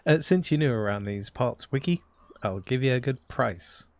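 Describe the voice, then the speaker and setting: A man's voice: mid-range voice, animated, normal speed, darkish tone, no echo, natural voice. A man voicing a folksy male fisherman with a Southern drawl and a chummy way of talking.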